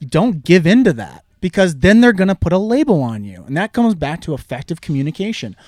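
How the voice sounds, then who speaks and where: A man's voice: sits high, big pitch swings, a little fast, a little mellow, dry recording, studio quality. A man in his thirties, a youth baseball coach, chatting earnestly and sometimes stumbling over his words. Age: 30s. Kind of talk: casual podcast chat.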